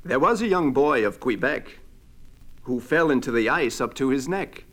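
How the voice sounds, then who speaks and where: A man reading limericks aloud in a brisk storytelling recitation. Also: mid-range voice, lively intonation, fairly bright tone. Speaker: poetry reader.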